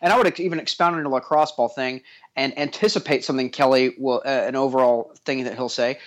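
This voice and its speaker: A man's voice: mid-range voice, a bit bright. A man co-hosting a podcast in casual chat, teasing his partner with dry sarcasm. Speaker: podcast co-host.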